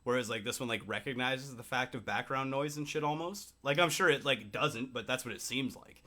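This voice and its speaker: A man co-hosting a podcast in casual chat, excitable and swearing often, with lots of "like" and "you know what I mean.". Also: mid-range voice, fairly quick. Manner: excitable, swearing, filler-heavy. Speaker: podcast co-host.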